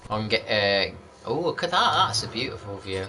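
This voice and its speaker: Gaming host, rambling chatty commentary, lowish forceful voice. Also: male voice, sing-song, normal speed, slight background noise. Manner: rambling, chatty, greets viewers by name. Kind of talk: casual gameplay commentary.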